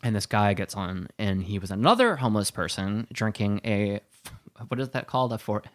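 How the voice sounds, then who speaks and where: A man from Wisconsin co-hosting a podcast, telling a story in animated fashion and laughing along. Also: fairly low pitch, moderate pace. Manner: animated storyteller, laughing at his own tale. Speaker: podcast co-host. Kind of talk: casual chat.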